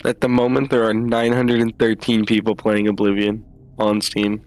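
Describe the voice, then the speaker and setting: A man's voice: lowish voice, completely flat delivery, normal speed, a little mellow. A man playing in a tabletop game, chatting casually in a dry, matter-of-fact way. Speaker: player. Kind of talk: casual chat.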